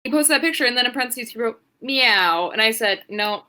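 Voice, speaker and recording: A woman's voice: a little high, very fast, pushed and bright. A woman co-hosting a podcast in casual chat, dry and sarcastic, swearing freely. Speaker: podcast co-host.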